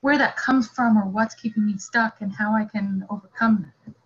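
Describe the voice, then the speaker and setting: A woman taking part as the client in a session, talking hesitantly with halting restarts. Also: medium pitch, steady tone, husky, muffled recording.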